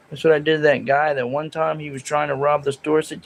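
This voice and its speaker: A man talks loosely to his livestream audience, his voice sitting a little high for a man. He rambles, jokes at his own expense and answers the chat as he goes. A faint hiss sits under the recording. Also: steady tone, brisk, vocal fry, few pauses, poor audio. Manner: rambling, self-mocking, reads chat aloud. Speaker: livestream host.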